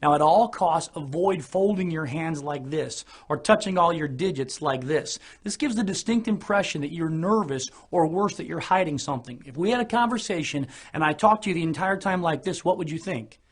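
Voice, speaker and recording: A man presenting a scripted instructional video on being filmed, with clear, deliberate, enunciated delivery. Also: a little high, lively intonation. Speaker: presenter giving on-camera tips. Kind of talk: scripted instructional talk to camera. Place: recording studio.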